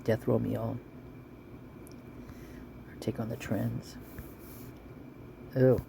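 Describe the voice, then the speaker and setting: A woman talks in a loose, rambling way, trailing off and restarting as she reads local police reports aloud. Her voice has a gravelly, creaky texture. A steady hiss of noise runs under the recording. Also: rumbling low, very slow. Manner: chatty, rambling, chewing while talking. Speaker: vlogger reading police reports. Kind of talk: casual rambling commentary.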